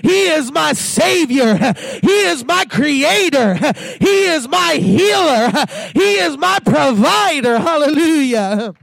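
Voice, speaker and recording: A man pastor preaching a sermon, swelling into shouts and sprinkling "uh" between phrases. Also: extremely high pitch, expressive, slow pace, vocal fry, hardly any pauses.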